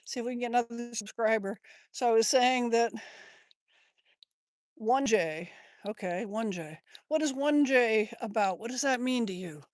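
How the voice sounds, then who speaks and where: A woman's voice: fairly high pitch, expressive, moderate pace, no room sound. A woman chatting on a live stream outdoors in a sunny yard, greeting viewers by name, on a handheld phone. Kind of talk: casual live-stream chat.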